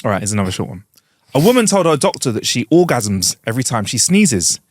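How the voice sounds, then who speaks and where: Giggly man with a lively voice. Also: mid-range voice, quick pace, dry recording, studio quality. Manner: giggly, playful joke telling. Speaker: podcast co-host. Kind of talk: reading jokes aloud in casual chat.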